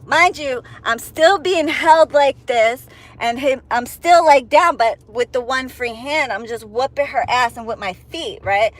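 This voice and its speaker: A woman vlogger telling a profane, animated story from inside her car while driving. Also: high-pitched, unhurried, dry recording, poor audio. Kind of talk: storytime vlog.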